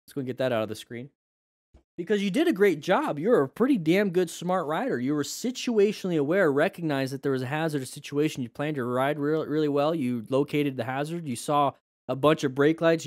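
A man's voice: on the high side, darkish tone, no room sound. A man and riding instructor giving casual, joking commentary over motorcycle videos and talking straight to his viewers.

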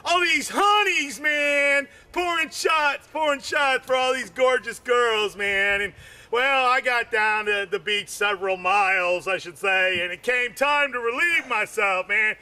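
A man telling loose, rambling stand-up jokes, adding "man" to nearly every line and breaking into shouts on the punchlines. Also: very high voice, measured pace. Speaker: amateur comedian.

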